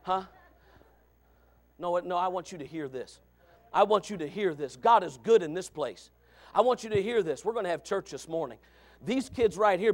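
A man preaches from the pulpit in a strikingly high voice. He talks in a homespun way, repeating himself. He drops to near murmurs, then rises to fervent shouts. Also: lively intonation, moderate pace. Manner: impassioned preaching, swings from quiet to shouting; folksy, repeats phrases. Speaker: pastor. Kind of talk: sermon.

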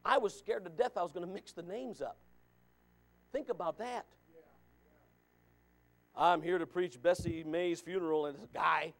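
Pastor, male, high-pitched; fervent preaching style that repeats and addresses listeners. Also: normal speed, pauses often, fairly bright tone. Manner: emphatic, repeats lines, calls out listeners by name. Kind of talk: sermon.

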